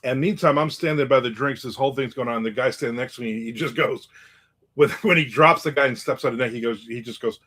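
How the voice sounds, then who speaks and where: A man telling a story in a casual monologue, animated and acting out the people in it with raised voices. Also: medium pitch, fast talker.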